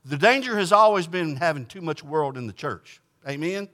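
A man's voice: fairly high pitch, animated, normal speed, sharp tone. A man preaching a conversational sermon, reading scripture aloud and explaining it in a folksy, emphatic way, often restarting his sentences. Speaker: pastor.

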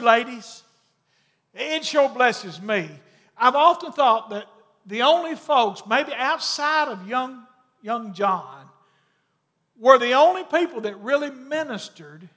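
High-voiced man preaching in a hall. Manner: preaching with sudden loud mocking voices and soft low asides. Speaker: pastor. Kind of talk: sermon.

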